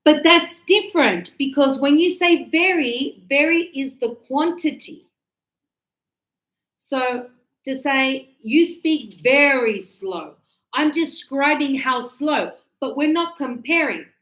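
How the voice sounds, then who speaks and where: A woman teaching a grammar class, speaking very slowly and drawing out each key word. Her voice sits a little high. The room is echoey, picked up by a camera across the room. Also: a bit bright. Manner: slow, deliberate, stretching key words. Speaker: English teacher.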